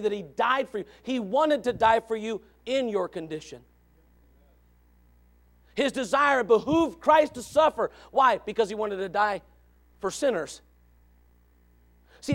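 A man preaching a sermon, jumping between loud shouted lines and low murmured asides, with a gravelly edge to his voice. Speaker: pastor.

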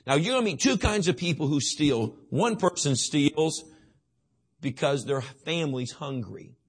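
A middle-aged man preaching a sermon in folksy storytelling, swinging from booming to hushed. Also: animated, unhurried, husky.

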